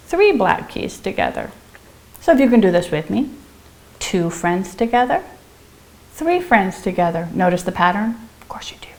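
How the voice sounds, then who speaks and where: A middle-aged woman giving a playful piano lesson, bubbly and theatrical, chanting rhymes in a sing-song way and dropping into whispers. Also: a little high. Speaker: piano teacher.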